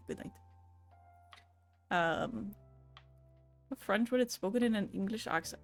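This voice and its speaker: A woman's voice: medium pitch, takes it slowly, pauses often, no room sound, faint music behind. Laughing, language-hopping woman streamer. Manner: laughs often, swears casually, switches between languages. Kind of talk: casual live-stream chat.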